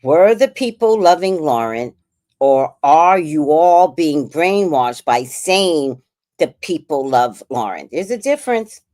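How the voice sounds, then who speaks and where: A woman's voice: sits low, big pitch swings, slow pace, mellow. A woman with a New York accent giving casual, outspoken livestream commentary on a podcast feud. She swears freely.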